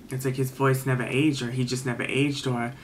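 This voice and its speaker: A man's voice: mid-range voice, little pitch movement, a little fast, a little hiss or hum. A man in his late twenties telling a spooky story in casual narration, rambling with lots of fillers and the odd swear word.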